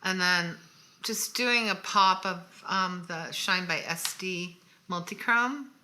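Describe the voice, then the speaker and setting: A woman's voice: fairly low pitch, takes it slowly, bright, forceful tone. A woman co-hosting a casual makeup tutorial, chatting through each step as she works. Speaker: co-host of a makeup channel.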